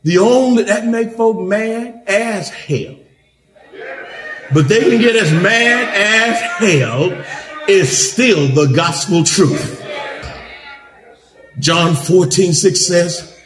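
A man preaching a sermon as pastor, mixing jokes with loud, soaring shouts. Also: drawn-out words, pauses often. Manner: preaching with humor, swings into loud high-pitched shouts. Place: church. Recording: echoey church hall.

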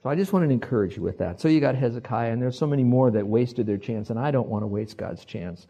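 A male pastor preaching a sermon, telling animated stories and acting out the quotes. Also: mid-range voice, fast, creaky, husky. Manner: animated storyteller who acts out quotes.

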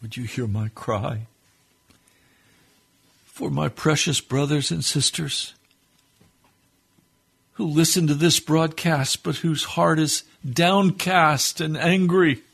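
A man's voice: on the high side, slow, vocal fry, pauses often, a bit bright, husky. A man preaching on a radio broadcast, leading a fervent, pleading prayer that swells and drops. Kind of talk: sermon prayer.

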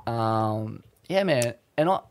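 A man's voice: medium pitch, lively intonation, slow, heavy background noise. A man hosting a casual podcast chat, laid-back, slangy and rambling, with frequent swearing. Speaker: podcast host.

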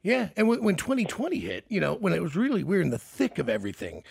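High, gravelly-voiced enthusiastic radio host. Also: male voice, huge pitch swings, fast, darkish tone, no room sound, clean studio sound. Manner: enthusiastic, rambling, repeats words. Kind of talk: casual radio interview.

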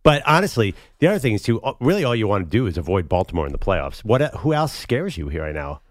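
A man's voice: fairly low pitch, sing-song, quick pace, no room sound, studio quality. A man co-hosting a sports talk show, joking and mock-exasperated. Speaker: sports radio co-host.

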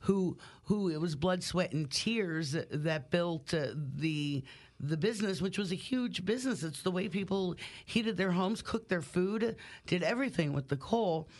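A man hosts a local radio show, a little high in pitch for a man. He chats loosely with studio guests and laughs at his own jokes. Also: expressive, unhurried. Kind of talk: casual radio interview. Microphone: studio microphone.

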